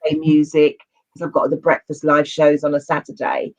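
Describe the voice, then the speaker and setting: A talk show host speaking casually and haltingly, restarting sentences often. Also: medium pitch, completely flat delivery, low-quality recording. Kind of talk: casual interview chat.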